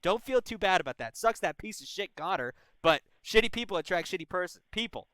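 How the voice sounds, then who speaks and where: This advice show host is a young man who runs a call-in stream, talking bluntly and swearing plenty, much like an older brother in casual chat. Animated and fairly quick, his voice is bright, smooth, and slightly high for a man. The audio is poor, close, and dry, with no room sound.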